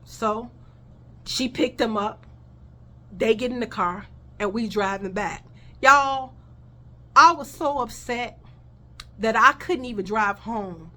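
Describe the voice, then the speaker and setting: A woman's voice: a little high, slow, long pauses, bright, forceful tone. A woman telling a personal story in a casual vlog, blunt and heated, swearing freely and talking straight to her viewers.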